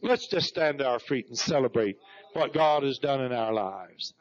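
A man's voice: a little high, expressive, moderate pace. A middle-aged man preaching a sermon, telling stories and breaking into repeated praise. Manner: storytelling preacher, repeats "Praise God" with rising fervor. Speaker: pastor. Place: church sanctuary. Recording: dull lo-fi 1991 church recording.

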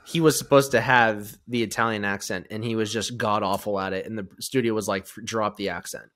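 A man's voice: on the low side, fairly even intonation, brisk, fairly bright tone. A man on a comedy podcast, chatting casually and expressively. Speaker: podcast co-host. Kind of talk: casual chat.

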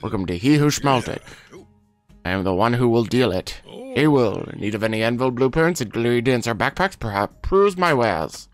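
Sly, smug game shopkeeper, a man putting it on, slow pitch. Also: animated, faint music behind, close to an everyday voice. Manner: sly salesman patter. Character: smug male merchant touting wares.

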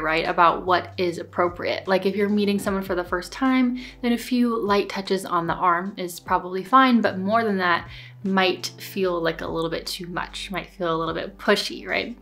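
Relaxed young woman giving dating tips. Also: mid-range voice. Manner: relaxed, conversational, lots of "like" and "right?". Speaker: lifestyle vlogger giving dating advice. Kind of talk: casual instructional talk to camera.

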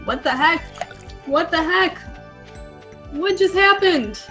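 Woman co-player, excitable, high and swooping voice, unhurried delivery. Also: soft background music. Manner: excitable, exclamatory. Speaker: co-player on a stream. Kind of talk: casual live-stream gameplay chat.

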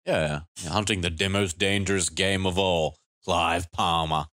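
A man's voice: deep voice, steady tone, a little slow, fairly bright tone, dry recording, clean studio sound. A young man co-hosting a casual podcast, telling stories and cracking crude jokes. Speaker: podcast co-host. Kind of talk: casual chat.

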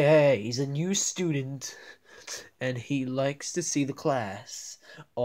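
A performer improvising a crude toy-puppet comedy skit, switching between many squeaky and gruff character voices. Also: darkish tone. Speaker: toy puppet show creator voicing every character.

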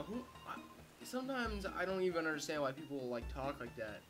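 A man's voice: on the high side, sing-song, a little fast. A young man giving casual, rambling let's play commentary with crude jokes. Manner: rambling, joking, crude asides. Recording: game music loud underneath.

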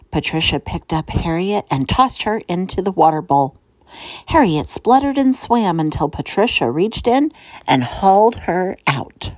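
A woman reading a children's storybook aloud with slow, expressive narration. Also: low voice, no room sound, low-quality recording.

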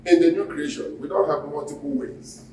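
A man's voice: on the high side, brisk, a little mellow, a little hiss or hum. A man, a pastor preaching a sermon and quizzing the congregation in call-and-response. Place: church hall. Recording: echoey hall, mic at a distance.

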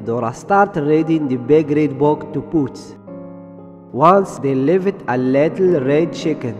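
A man with an Arabic accent retelling a cartoon episode in simple, halting English as host. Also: fairly high pitch, darkish tone. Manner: slow, simple non-native English, halting phrasing. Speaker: channel host narrating a cartoon summary. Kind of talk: storytelling recap. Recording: long reverb, music underneath.

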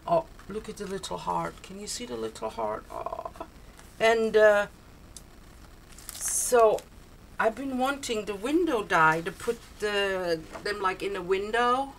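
A woman's voice: medium pitch, slow pace, creaky, slight background noise, low-quality recording. An older woman opening a craft swap package on her video blog, gushing and exclaiming over each tiny item. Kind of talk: casual unboxing chat. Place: cold home, heater on.

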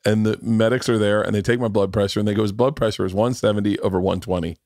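A man's voice: fairly low pitch, fairly even intonation, fast talker, a little mellow, no echo, clean studio sound. A man in his forties hosting a podcast, telling stories in a rambling, profane way and laughing at his own jokes. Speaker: podcast host. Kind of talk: casual storytelling chat.

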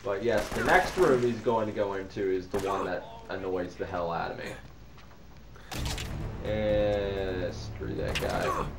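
A man with a Northeastern Ohio accent giving casual, rambling let's-play commentary, chatty and quick to laugh. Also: low-pitched, sing-song, gravelly. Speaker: gameplay commentator. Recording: roomy echo with game music and gunfire.

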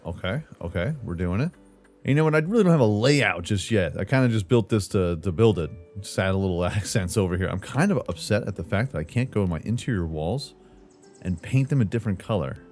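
A man with a lowish, mellow voice riffs through a building game, talking to himself and tossing in playful asides. Soft background music runs under his commentary. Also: expressive, a little fast. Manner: playful, talks to himself, jokey asides like "brother". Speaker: gaming channel host. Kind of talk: casual let's-play commentary.

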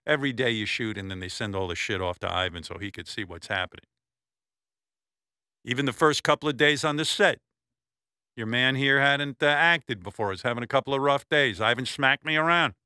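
A male radio host tells a story in a blunt, profane way with plenty of asides. His voice is bright and forceful. The studio sound is dry and close. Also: medium pitch, brisk, clean tone, no room sound. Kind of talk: casual storytelling tribute.

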